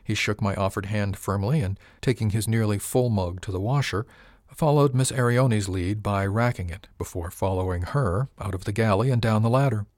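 Man narrating, low voice, dry sound, wry, measured. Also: a little mellow, dry recording. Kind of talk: audiobook narration.

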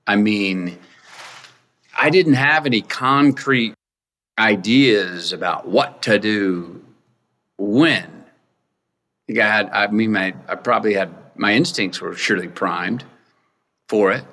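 A man talking as a podcast guest, answering in a reflective, measured way. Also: lowish voice, a bit bright. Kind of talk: interview conversation.

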